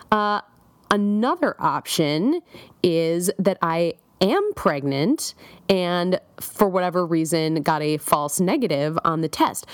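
A woman's voice: sits low, dry recording. A young woman recording a personal diary, chatty and rambling, with many fillers and wry self-mocking asides. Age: young adult. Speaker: diarist.

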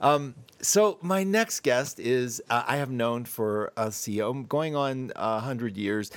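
A man's voice: medium pitch, slow, no room sound. Chatty rambling man hosting a panel. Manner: chatty, rambling, laughs often. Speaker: host. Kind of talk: casual panel chat. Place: Colorado mountains.

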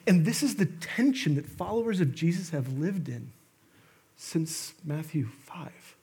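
A male pastor delivers a sermon, his voice high and husky. He tells stories with energy and swings into sudden emphatic bursts. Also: measured pace. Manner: animated storytelling with emphatic bursts and asides. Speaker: guest pastor.

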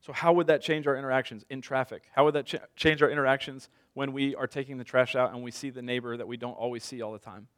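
A man's voice: mid-range voice, fairly even intonation, fast, hardly any pauses. A man in his thirties preaching a sermon as a pastor, conversational, telling stories with self-deprecating humor.

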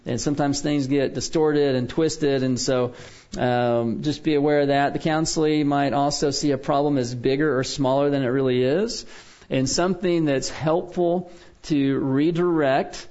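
A man lectures on counseling in a loose classroom manner, often pausing to ask "okay?" to keep his listeners with him. His voice sits at an ordinary middle pitch. The recording is dull and lo-fi. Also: steady tone, a little mellow. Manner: conversational, checks in with "okay?" often. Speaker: biblical counseling teacher.

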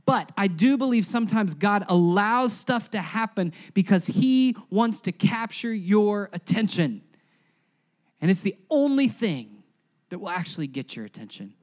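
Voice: medium pitch, animated, measured pace, a little mellow. Conversational pastor preaching with punchy emphasis. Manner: emphatic, conversational, rhetorical questions and humorous asides. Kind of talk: sermon.

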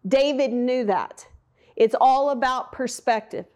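A woman with a high voice preaches a Bible lesson in a relaxed, conversational way. She is animated and often puts questions to her listeners. She slips into quoted voices as she tells the story. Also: a little slow. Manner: animated, acts out quotes and asks the audience questions. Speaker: bible teacher. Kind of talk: conversational sermon.

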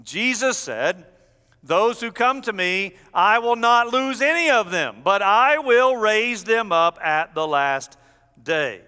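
High, bright-voiced preacher in a hall. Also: male voice, lively intonation, slow pace, clean tone. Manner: expository, emphatic teaching. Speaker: pastor. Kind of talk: sermon.

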